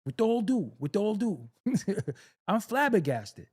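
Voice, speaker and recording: A man's voice: high-pitched, big pitch swings, slow, a little mellow, breathy edge. A man hosting a casual reaction video, joking, laughing often and swearing freely as he comments on clips.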